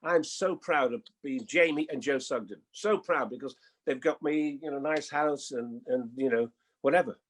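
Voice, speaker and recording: An older man, a guest actor, telling anecdotes in an animated way and acting out the voices in them. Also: medium pitch, moderate pace. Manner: animated storyteller, acts out voices in his anecdotes. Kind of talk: anecdotal chat.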